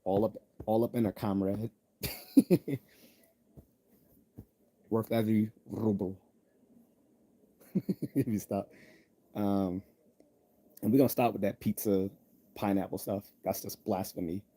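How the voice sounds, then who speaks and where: Blunt, dark-voiced man streaming live. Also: fairly low pitch, steady tone, measured pace, pauses often. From United States. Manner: blunt, joking, laughs at own jokes. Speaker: livestream host reading chat. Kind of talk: casual live-stream chat.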